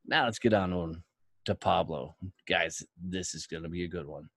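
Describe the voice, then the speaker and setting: A brash man hosting a business podcast, pitching hard with casual swearing. His voice sits low and sounds dry and close, with no room around it. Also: normal speed, a bit bright, dry recording. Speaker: podcast host. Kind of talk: energetic promotional pitch and interview.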